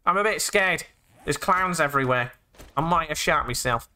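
A man's voice: a little high, moderate pace, over loud music. A young British man giving goofy, profane gameplay commentary, narrating his own actions as he plays and breaking into sudden squeals. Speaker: let's play gamer.

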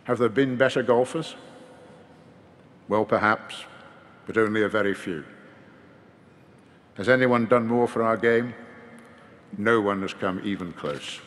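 A man delivering a formal memorial eulogy in a measured, gently wry manner at a podium microphone. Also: fairly low pitch. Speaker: eulogy speaker. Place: large hall at a memorial service. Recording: long reverb of a large hall.

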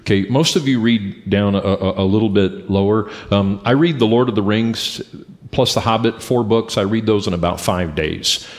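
Lively pastor preaching in a reverberant church. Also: male voice, lowish voice, normal speed. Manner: lively and conversational, asks the crowd questions. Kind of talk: sermon. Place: church sanctuary with congregation. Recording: long church hall reverb.

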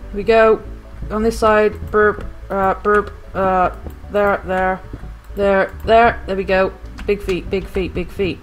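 A woman commentating on her own video game play, rambling to herself and often getting flustered and panicky. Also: medium pitch. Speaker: gaming video host. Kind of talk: live gameplay commentary.

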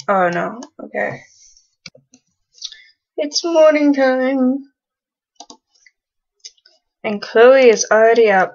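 Playing a life-sim game, a young woman comments casually and teases the characters she talks to. Her voice sits fairly high, and the audio has its highs cut off.

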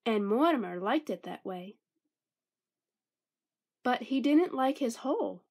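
A woman reads a children's picture book aloud at a slow, unhurried pace. Her high voice rises and falls widely as she tells the story. She sounds lilting and expressive.

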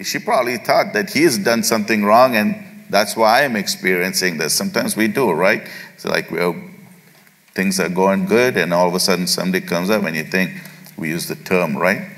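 A man preaching a sermon as pastor, retelling a scripture story with acted quotes and frequent halting restarts. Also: low voice, fairly bright tone, long reverb tail. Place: church sanctuary.

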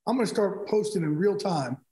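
A man's voice: high voice, fairly quick, slight background noise. A middle-aged man, a sports broadcaster guest, telling stories in a casual interview and acting out conversations in quotes. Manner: animated, re-enacts conversations in quotes. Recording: echoey room.

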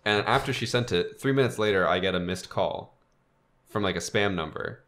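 A man's voice: fairly low pitch, moderate pace, a bit bright. A young man co-hosting a podcast, telling a rambling story with lots of fillers in casual chat. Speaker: podcast co-host.

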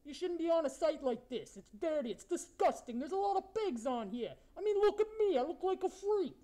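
Here the performer's monster, brash, ugly and razor-toothed, needles strangers in a video-chat comedy bit, his high, mellow voice moving briskly with lively intonation. The taunting stays crude, brash and mock-flirty.

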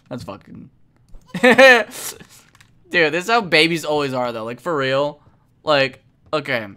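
A young woman streaming a game, giving casual commentary with lots of swearing and sudden shouts. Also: deep voice, slow pace, long pauses, clear, resonant tone. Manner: profane, excitable, frequent shouting.

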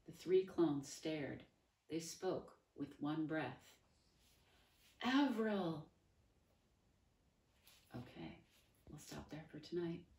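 A woman reading a novel aloud in a calm, measured way. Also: low-pitched, gravelly. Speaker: storyteller. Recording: roomy, distant mic.

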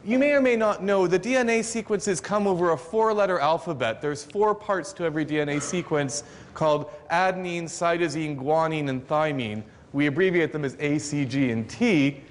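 A man with a high-pitched voice explains his subject step by step to a room of listeners, adding a little dry humor along the way. His words ring out with the long reverb of a lecture hall. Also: normal speed. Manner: explanatory, lightly joking. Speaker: professor. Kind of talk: university outreach lecture.

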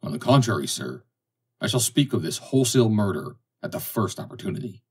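A man's voice: lowish voice, very animated, a little fast, slightly rough, distant mic. A man reading the lines of a defiant, hard-drinking, educated sailor, speaking with passion and indignation. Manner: impassioned, indignant. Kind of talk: audiobook dialogue reading.

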